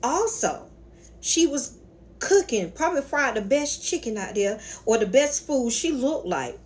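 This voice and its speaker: A woman's voice: high-pitched, sing-song, measured pace, a little mellow. Sassy Southern woman spinning a story. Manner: sassy, colloquial, addresses viewers as honey and y'all. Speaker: spiritual channel host. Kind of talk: casual storytelling lecture.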